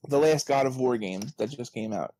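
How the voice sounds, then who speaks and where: Slight background noise sits under this podcast guest, a man and author who talks casually, fairly quickly, and at medium pitch, bringing quoted exchanges to life as a lively storyteller.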